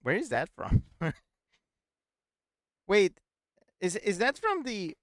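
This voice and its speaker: A man streaming a video game, chatting excitedly, repeating words and reading the chat aloud. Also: high-pitched, slow pace, no room sound, clean studio sound. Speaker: gaming streamer. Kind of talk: excitable live gameplay chat.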